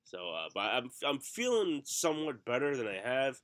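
Hoarse and raspy from the flu, this middle-aged man coughs now and then while co-hosting a podcast, rambling through self-mocking stories in casual chat. His medium-pitched voice has a sing-song lilt and a slightly bright tone, and he talks at a normal speed.

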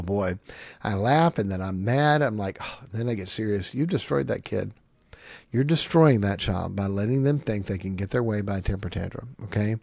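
A middle-aged man preaching about parenting, emphatic and acting out quick exchanges between kids and parents. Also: medium pitch, a little mellow, no echo, studio quality. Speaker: family advice speaker.

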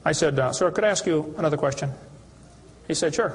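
A man's voice: fairly high pitch, quick pace, over a noisy crowd. A man giving a preaching lecture to an audience, telling folksy, mocking stories with acted dialogue. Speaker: creation science speaker.

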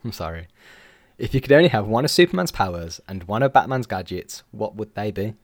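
Casting: male co-host, deadpan, dry wit. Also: on the low side, brisk. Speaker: podcast co-host. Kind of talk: casual chat.

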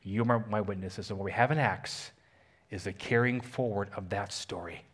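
A man's voice: lowish voice, fairly even intonation, moderate pace, fairly bright tone, breathy edge. Man preaching an emphatic sermon. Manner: emphatic preaching with call-and-response, repeats phrases. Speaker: pastor.

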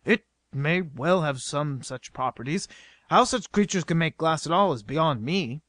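A man playing a young adventurer who turns from brooding to excited ideas. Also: fairly high pitch, measured pace, no room sound, clean studio sound. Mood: reasoning. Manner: brooding, then bursting with excitement.

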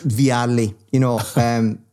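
Man, 50s, casual co-host chat, warm dark tone, thoughtful. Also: medium pitch, flat delivery, slow pace. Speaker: podcast co-host.

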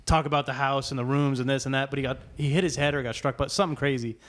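A man's voice: medium pitch, fairly even intonation, racing. A man who is a guest on a podcast, a comedian who paints, telling offhand stories in casual chat.

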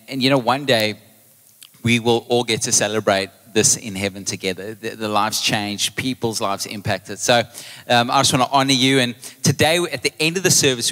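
A man preaching a live sermon as pastor, telling a story and acting out both sides of a conversation. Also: mid-range voice. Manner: storytelling, animated retelling of conversations. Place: church hall. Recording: long hall reverb.

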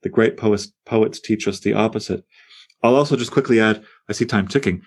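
A man with a fairly low voice leads a poetry class. He talks in a lively, digressive way and often stops himself mid-thought to add an aside. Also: normal speed. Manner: animated, digressive, self-interrupting. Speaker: poetry teacher. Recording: on air class broadcast.

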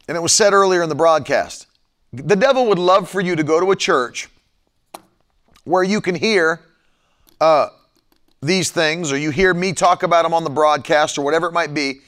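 A man with a fairly high voice preaching on a live broadcast. He drives points home by repeating them and drawing out the key words. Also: normal speed, a bit bright. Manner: repeats lines for emphasis, stretches key words. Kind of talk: sermon.

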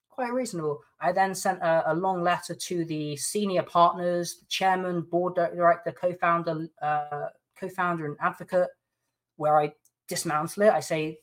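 A man's voice: on the high side, fairly bright tone. A man from the UK, a podcast guest who indignantly recounts a personal dispute and reads out emails aloud.

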